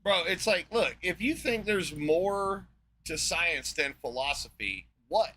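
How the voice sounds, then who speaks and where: A man's voice: high-pitched, expressive, slow pace, bright, forceful tone, a little hiss or hum, rough recording. A man hosting a live stream, ranting with heavy profanity and scorn as he reacts to a debate. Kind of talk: heated reaction commentary.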